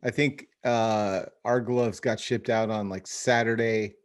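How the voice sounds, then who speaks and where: A man hosting a relaxed podcast conversation, talking in loose, rambling sentences with frequent restarts. He keeps an easy, friendly chat going with his guest. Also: fairly low pitch, measured pace. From Phoenix area, US. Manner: rambling, many restarts, says dude and bro. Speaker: podcast host. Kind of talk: casual chat over video call.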